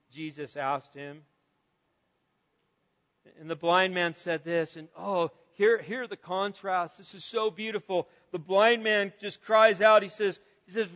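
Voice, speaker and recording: A high-voiced man preaching an earnest sermon. He stumbles over repeated words and builds to loud cries. His voice rings out in a big hall with a long tail of reverb and sounds a little dull. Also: steady tone, a little slow. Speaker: pastor.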